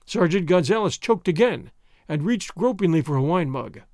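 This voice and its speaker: A man narrating a classic adventure story in a measured storytelling way. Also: a little high, animated, a little mellow, dry recording, clean studio sound. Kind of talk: dramatic audiobook narration.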